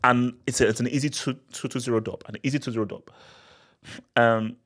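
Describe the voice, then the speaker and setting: A man hosting a casual live question-and-answer stream, talking in an animated way with many restarts and frequent laughter. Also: medium pitch, a little fast. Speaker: football channel host.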